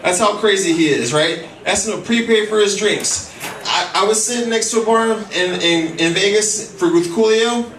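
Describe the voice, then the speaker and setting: A man's voice: high voice, normal speed, a bit bright, a little hiss or hum. A man doing a stand-up comedy set in a club, crude and rambling, full of profanity, acting out the lines of the people in his stories. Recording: roomy echo, mic heard from a distance.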